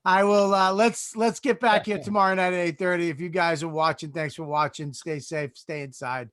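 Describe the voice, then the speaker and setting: A man's voice: on the high side, steady tone, a bit bright, dry recording, studio quality. Casual, profane male host on a video call. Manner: casual, profane, halting restarts. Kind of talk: casual live chat show.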